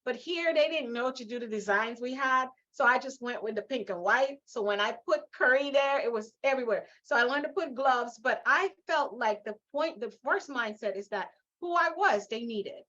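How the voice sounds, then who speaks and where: A middle-aged woman from Guyana with a Guyanese accent, telling her story as an interview guest in an emphatic, animated way, laughing often. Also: a little high, moderate pace, few pauses, dull audio. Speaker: guest, leadership coach.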